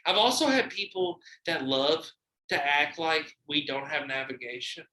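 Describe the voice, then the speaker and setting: A man telling stories casually on a podcast. He is animated and swears freely, and he acts out the voices of the people in his stories. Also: fairly high pitch, moderate pace, slight background noise. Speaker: podcast guest and delivery driver. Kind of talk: casual storytelling. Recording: echoey room.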